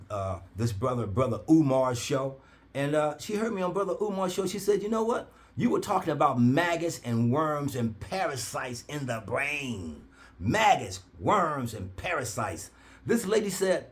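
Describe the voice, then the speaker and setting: A man telling an animated story, his pitch rising and falling widely. He speaks in a repetitive, preacher-like cadence. He acts out the other people in his story with sudden high, loud bursts. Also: moderate pace. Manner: acts out quoted voices with big pitch jumps. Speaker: herbal oil seller.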